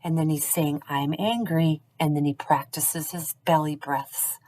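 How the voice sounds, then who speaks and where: A woman with a somewhat low voice, speaking to parents as an early childhood teacher. She talks gently and encouragingly, slowly and clearly, as if in a short instructional video. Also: steady tone, poor audio.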